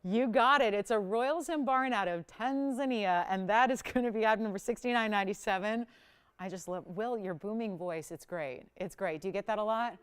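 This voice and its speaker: A woman hosts a live jewelry shopping broadcast from a TV studio. Her voice is smooth and polished, sitting at an ordinary middle pitch for a woman. She keeps up a chatty, upbeat sales patter. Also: a little fast. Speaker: shopping channel host.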